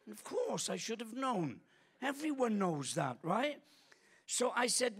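A man's voice: sits high, sing-song, measured pace, fairly bright tone, slightly rough. A man in his sixties, a guest pastor preaching a sermon in a church auditorium on a stage microphone, telling stories with humor and self-deprecating jokes. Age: 60s.

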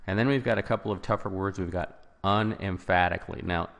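A man's voice: sits low, brisk, gravelly, fairly bright tone, big-room sound. A man teaching a recorded test-prep lesson, explaining each answer choice in turn and restarting his sentences as he goes.

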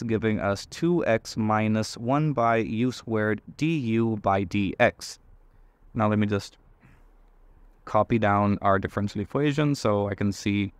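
Low-voiced man explaining math. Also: no room sound. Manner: chatty, self-deprecating humor before working through steps. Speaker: math channel host.

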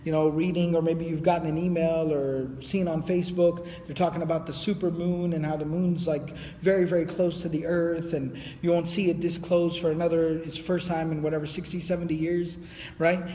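A man giving an Islamic history lecture, telling the story in a lively way and quoting Arabic before translating it. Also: on the high side, a little fast, big-room sound, a little hiss or hum.

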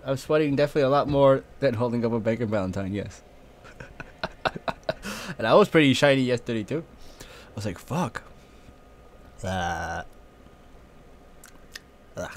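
A man's voice: medium pitch, expressive, moderate pace, pauses often. Casting: male streamer, casual chat, voice strained and sniffly from spice, swears a lot. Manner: pained, coughing and spitting, cursing freely. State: drooling, tearing up, sniffly.

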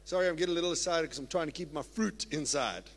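A man preaching a sermon as pastor, moving from steady scripture reading to whoops and laughter. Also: a little high, fast. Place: church sanctuary. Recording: long church-hall reverb.

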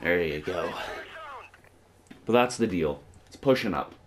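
A man's voice: low-pitched, lively intonation, a little slow, slight background noise. A young man with a cold and a congested nose, giving casual, rambling gameplay commentary with frequent swearing. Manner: profane, irritated, rambling. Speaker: gaming video creator.

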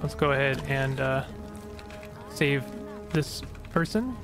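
A man's voice: medium pitch, expressive, slow pace. A man giving casual, joking let's-play commentary, reacting aloud as he plays. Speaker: gaming streamer. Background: game music.

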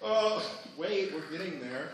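A man's voice: high voice, lively intonation, a little slow. Playful man narrating improv, echoey. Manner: playful, laughing through lines. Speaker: improv performer narrating a scene. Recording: echoey noisy room from far off.

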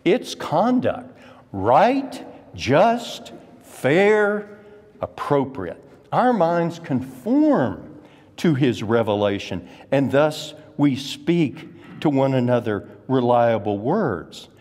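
A middle-aged man with a Texan accent, preaching a sermon in a church with slow, emphatic delivery. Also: medium pitch, very animated, a little mellow. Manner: emphatic, slow deliberate preaching with rising exclamations. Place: church sanctuary. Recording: long hall reverb.

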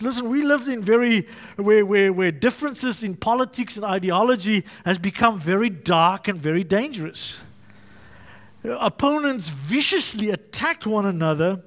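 A man's voice: high voice, fairly bright tone. A male pastor preaching a sermon, emphatic and fond of repetition and alliteration.

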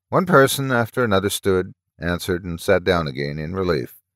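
A man's voice: deep voice, dry recording, clean studio sound. A man doing scripted narration of a science-fiction horror story in a dramatic storytelling manner.

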